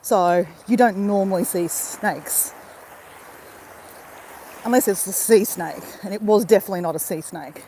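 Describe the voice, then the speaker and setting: A woman's voice: mid-range voice, unhurried, long pauses, dark tone, a little hiss or hum, rough recording. An Australian woman chatting casually to viewers on a phone while she walks along a beach. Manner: chatty, laughing, talks straight to viewers. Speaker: YouTuber doing a live stream. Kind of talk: casual chat while walking. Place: outdoors on a beach. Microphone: phone at arm's length.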